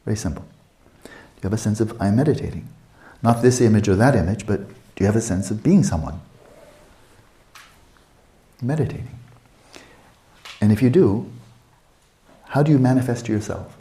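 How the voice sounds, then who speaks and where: A man in his sixties teaching a meditation retreat, talking calmly and reflectively and asking many searching questions. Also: lowish voice, moderate pace, long pauses. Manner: calm, reflective, asks many rhetorical questions.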